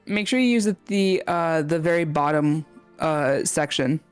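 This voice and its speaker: A young woman co-streaming, chatting casually in a relaxed, rambling way with hesitant restarts. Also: low voice, unhurried, smooth, faint music behind. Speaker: co-streamer guest. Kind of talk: casual livestream chat.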